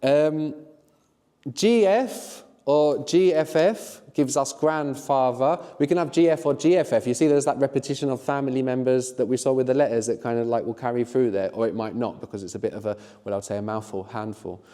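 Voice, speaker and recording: Mellow-voiced man teaching a class. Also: medium pitch, brisk, big-room sound. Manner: encouraging, checks in with "no?". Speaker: language teacher. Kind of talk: live workshop teaching.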